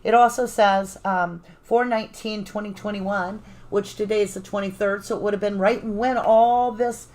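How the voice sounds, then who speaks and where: A woman's voice: mid-range voice, normal speed, hardly any pauses, rough recording. Chatty Southern woman reading tarot. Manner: chatty, affectionate, greets viewers by name; energetic cheerleading. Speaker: tarot reader. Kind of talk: live tarot reading chat.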